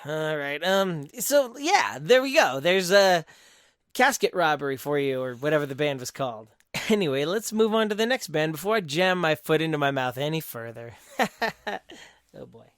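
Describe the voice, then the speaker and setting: Young male podcast co-host, slightly high voice, dry close sound, crude and self-mocking, reads album reviews in casual bursts. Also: dry recording. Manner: crude, rambling and self-mocking, with sudden loud bursts and quiet mutters. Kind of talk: casual solo segment, reading from a list.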